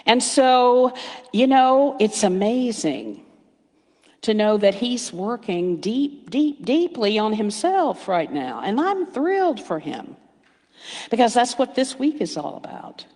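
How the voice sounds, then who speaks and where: A middle-aged woman minister giving a sermon, storytelling warmly with playful asides and hushed emphasis. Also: a little high, big pitch swings, slow pace. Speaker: guest speaker minister. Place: church sanctuary. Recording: reverberant hall.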